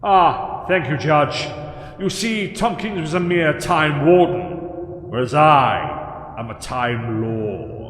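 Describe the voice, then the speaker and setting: A man's voice: on the high side, takes it slowly, a bit bright, echoey room, long reverb tail. A man voicing a brash, confident male Time Lord in an audio story, in a theatrical, boastful way.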